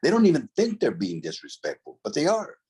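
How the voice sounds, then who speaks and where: A man's voice: on the high side, wildly swooping pitch, fairly quick, mellow, breathy edge. A middle-aged man, telling a story from his past in a casual, profane, streetwise way, full of "bro" and "right?". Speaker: interview guest, former convict.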